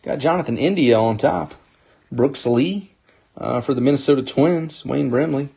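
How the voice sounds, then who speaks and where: A man's voice: medium pitch, moderate pace, gravelly, a little mellow, a little hiss or hum. A man hosting a live sports card break, upbeat as he calls out players and teams while opening packs.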